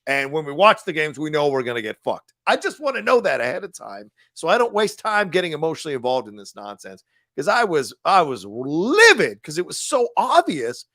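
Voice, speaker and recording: A man's voice: a little high, fairly quick, dry recording. A man riffs on football games with a lot of swing in his voice and cusses freely. He sounds close to the mic in a dry, dead room, and he laughs a lot as he talks. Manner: animated, profane, laughs often. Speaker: sports podcast co-host. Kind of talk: casual sports talk.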